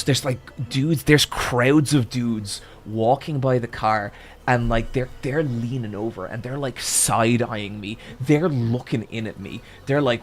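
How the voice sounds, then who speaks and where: A man streamer telling a long story in a casual, animated way, swearing freely and jumping into excited exclamations. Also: medium pitch.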